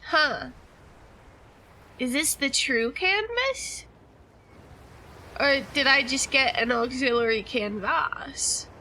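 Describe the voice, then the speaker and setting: A woman's voice: high voice, lively intonation, takes it slowly, pauses often, sharp tone, a little hiss or hum. A young woman chatting casually and playfully with her chat while playing a game on stream, laughing often. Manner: giggly and playful.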